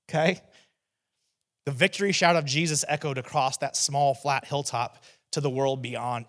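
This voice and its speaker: A man preaching a sermon as teaching pastor, talking in a conversational way with asides to the congregation, then rising to loud, emphatic proclamations on key phrases. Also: mid-range voice, fairly even intonation, normal speed.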